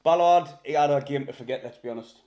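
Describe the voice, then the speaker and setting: A man's voice: medium pitch, fast, warm tone, echoey room, lo-fi sound. A man, co-hosting a casual football chat and often checking in with his co-host. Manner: conversational, checks in with questions.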